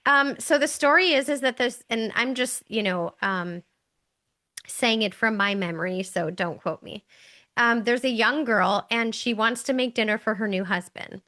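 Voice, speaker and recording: Bright-voiced chatty woman, podcast host. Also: a little high, normal speed. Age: middle-aged. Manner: chatty storyteller, acts out quoted voices. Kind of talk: casual conversational podcast.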